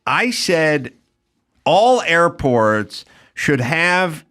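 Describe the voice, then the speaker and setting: A man's voice: fairly high pitch, very animated, drawn-out words, fairly bright tone. A man hosting a podcast in a studio, riffing sardonically in casual comedic chat. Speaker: podcast host.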